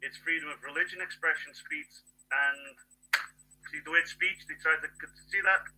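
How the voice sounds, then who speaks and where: A man in a rambling, agitated monologue, swearing and bursting into shouts. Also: fairly high pitch, steady tone, moderate pace, rough recording.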